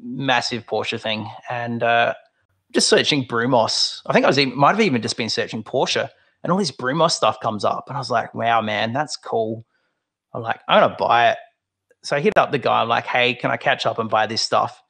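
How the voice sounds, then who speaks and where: Australian man, gravelly voice, mid pitch, lively storyteller. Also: normal speed. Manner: animated, acts out quoted voices. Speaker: guest. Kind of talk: casual storytelling chat.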